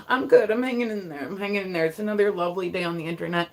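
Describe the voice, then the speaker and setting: A young adult streamer from Delaware, talking loosely to a live chat, piling on fillers and laughing often. The voice sits at an ordinary middle pitch, with nothing unusual about its sound. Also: fast talker, vocal fry, hardly any pauses, fairly bright tone. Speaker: livestreamer.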